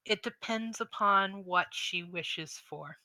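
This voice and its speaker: A woman voicing a solemn, gentle female unicorn in a tabletop game, speaking slowly and gravely. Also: medium pitch, no echo, exaggerated voice. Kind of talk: tabletop game role-play.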